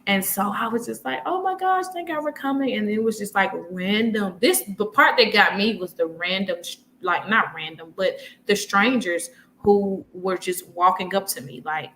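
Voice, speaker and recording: The audio here is low quality, with a little hiss or hum. A woman in her twenties, guesting on a talk show, chats casually in a mid-range voice at a moderate pace, animatedly telling stories, acting out quotes and laughing often.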